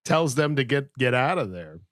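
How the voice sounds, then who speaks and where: A man's voice: mid-range voice, sing-song, moderate pace, no room sound. Rambling male podcast co-host, dry sound. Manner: rambling, fills with like and you know. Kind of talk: casual comedic movie review.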